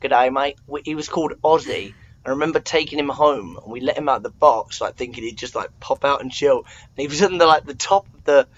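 A man's voice: medium pitch, animated, fairly quick, lo-fi sound. A young man from England in his twenties, chatting casually and telling rambling stories with self-mocking asides. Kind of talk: casual chat.

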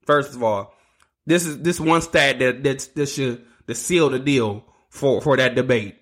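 A man's voice: mid-range voice, a little slow, a bit bright. A man hosting a solo sports podcast, ranting casually with lots of swearing and restarts. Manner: ranting, profane, restarts a lot. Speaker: podcast host.

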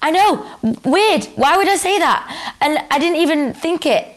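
A woman's voice: high voice, expressive, moderate pace. A woman co-hosting a podcast, chatting casually and giggling a lot while reading out listener letters. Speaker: podcast co-host. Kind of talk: casual chat.

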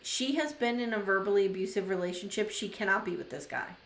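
A woman's voice: mid-range voice, quick pace, a little hiss or hum. A woman co-hosting a podcast, giving her opinion in thoughtful, emphatic casual chat and often restarting to find her words. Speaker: podcast co-host. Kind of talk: casual chat recapping a TV episode. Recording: roomy echo.

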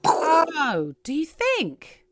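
A woman's voice: high voice, huge pitch swings, drawn-out words, no room sound. A woman in her thirties, a podcast co-host chatting casually, laughing often and acting out quotes. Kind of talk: casual chat.

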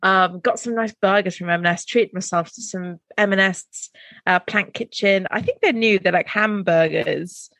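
A woman's voice: mid-range voice, moderate pace, fairly bright tone, no room sound. A woman from Wales, co-hosting a podcast in casual chat, gushing and chatty with lots of fillers. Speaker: podcast co-host.

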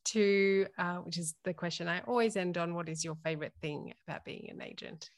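A woman hosting an interview, asking questions and quietly encouraging her guest. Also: fairly low pitch, fairly quick, dry recording, studio quality. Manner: quiet, encouraging listener who laughs along. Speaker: podcast host.

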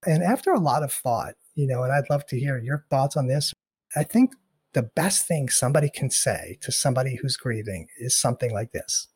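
A man's voice: medium pitch, lively intonation, brisk, a little mellow, breathy edge, dry recording. A middle-aged man as a podcast guest, speaking candidly in an earnest, reflective way and repeating phrases for emphasis. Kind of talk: candid interview talk.

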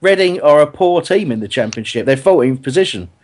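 A man's voice: fairly high pitch, a little fast. A man hosting a football chat podcast, arguing his point with lots of restarts. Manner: animated, argumentative, lots of restarts. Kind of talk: casual chat.

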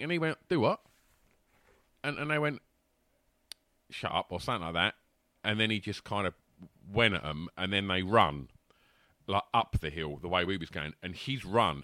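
A man's voice: fairly low pitch, no echo, studio quality. A man telling a rowdy anecdote in casual chat, laughing and acting out the voices. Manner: animated, laughing, acts out voices.

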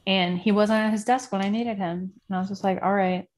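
Her voice sits in the mid-range, steady and fairly quick. She's a Puerto Rican podcast co-host in a relaxed reality TV conversation, rambling chattily with lots of fillers and asides.

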